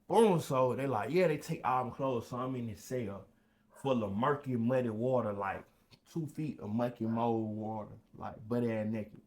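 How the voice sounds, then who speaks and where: A young man telling a story casually on a podcast, acting out voices with sudden loud high bursts. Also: normal speed.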